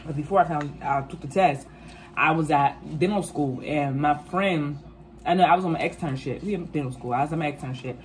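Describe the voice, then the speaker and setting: A woman in her twenties telling a casual storytime, animated and profane, acting out quotes. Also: low voice, fairly quick, a little hiss or hum. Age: 20s. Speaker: vlogger.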